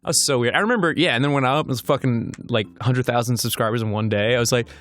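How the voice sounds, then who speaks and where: A man's voice: medium pitch, fast, fairly bright tone. A man with an Australian accent, co-hosting a gaming show and chatting casually while he plays, rambling and swearing freely. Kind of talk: casual chat while playing a video game.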